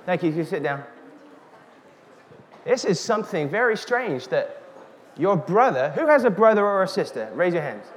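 A man preaching a sermon, slow and emphatic, calling out questions to the congregation. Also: high voice, sing-song. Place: church hall. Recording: reverberant hall with faint noise.

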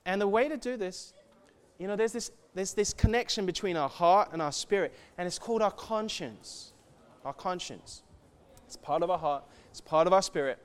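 A man giving an animated sermon, swinging from soft to shouting and acting out quoted voices. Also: high-pitched, moderate pace, clear, resonant tone. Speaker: church speaker.

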